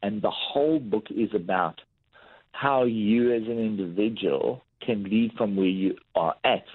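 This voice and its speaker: In a podcast interview, a male lifestyle coach tells workplace anecdotes animatedly, acting out people's words. His voice sits on the low side, slightly rough and measured in pace, with no echo, coming through a tinny phone-like line.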